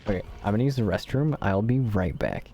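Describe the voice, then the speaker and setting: A slightly hoarse man streaming a game, chatting casually and joking at his own expense to viewers. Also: lowish voice, sing-song, fairly quick, mellow. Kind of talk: casual gameplay commentary.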